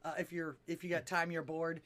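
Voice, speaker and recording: Man guest telling jokes, chatty and rambling, voice pitched high. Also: flat delivery, fairly quick, fairly bright tone. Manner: rambling, laughs often, acts out voices in jokes. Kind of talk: casual chat and joke telling.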